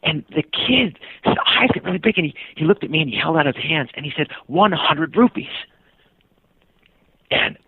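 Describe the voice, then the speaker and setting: An American man, a guest on a podcast, telling a travel story in an animated way and acting out the voices of the people in it. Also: a little fast, hardly any pauses, breathy edge, no room sound. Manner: acts out quoted voices with big pitch jumps. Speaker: guest, touring cyclist and author. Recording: dry, tinny phone-line sound.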